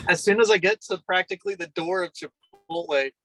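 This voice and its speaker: A young man as a podcast guest, telling a story in a rambling, casual way full of fillers and throat clearing. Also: high-pitched, unhurried, bright, forceful tone, dry recording, rough recording.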